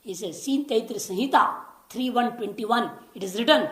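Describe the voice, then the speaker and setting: A woman teaching scripture, explaining patiently, repeating key words and slowly chanting Sanskrit lines. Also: a little high, lively intonation, roomy sound. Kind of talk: lecture on scripture.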